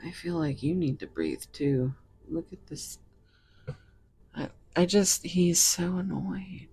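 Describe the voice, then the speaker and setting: A woman's voice: low voice, sing-song, takes it slowly, mellow, husky. A woman giving a casual tarot reading to viewers, rambling and giggling as she talks to them directly. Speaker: tarot reader.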